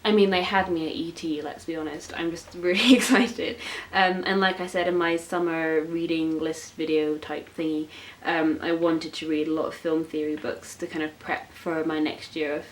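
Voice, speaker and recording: A woman's voice: low-pitched, steady tone, moderate pace, few pauses, poor audio. A 19-year-old woman chatting casually as a book vlogger, gushing and self-mocking, with lots of filler words. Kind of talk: casual chat. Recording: faint hiss.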